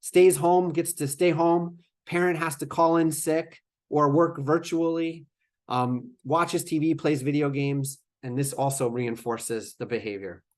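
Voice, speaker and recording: Higher-pitched man giving a webinar lecture. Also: steady tone, a little slow. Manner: conversational, with fillers and acted-out quotes. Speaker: webinar presenter. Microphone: remote webinar microphone.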